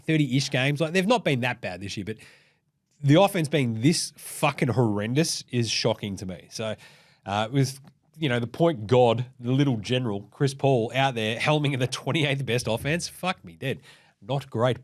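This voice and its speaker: A young man hosting a basketball show, rambling and swearing as he acts out players in silly voices. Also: mid-range voice. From Australia. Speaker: basketball podcast host. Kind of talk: casual sports commentary.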